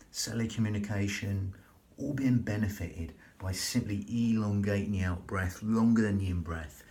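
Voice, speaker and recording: A man leading a slow, soothing, repetitive breathing and relaxation class as a yoga instructor. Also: fairly low pitch, a little mellow.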